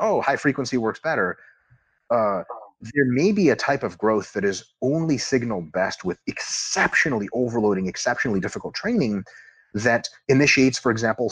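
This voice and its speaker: A man talking casually on a podcast as a guest expert on training, animated and profane. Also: mid-range voice, slightly rough, no echo. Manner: animated, profane, acts out quotes.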